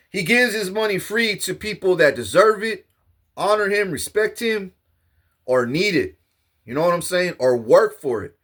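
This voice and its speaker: A man giving a profane, animated comedic rant, boasting and acting out scenes. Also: high-pitched. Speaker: vlogger.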